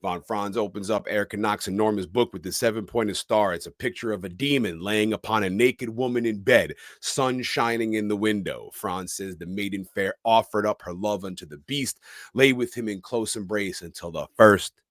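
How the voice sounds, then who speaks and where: Low male podcast host, narrates film scenes dramatically, dry studio mic. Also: normal speed, no room sound. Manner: dramatic storytelling recap with quoted lines. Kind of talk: recapping a film plot.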